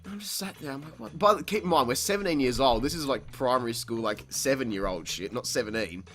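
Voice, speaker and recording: A young man hosts a podcast and tells a long story in a casual, animated way. He swears a lot and breaks into laughter. His voice is bright and forceful, and a little music plays behind him. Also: medium pitch, a little fast. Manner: profane, animated, laughs often. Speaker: podcast host.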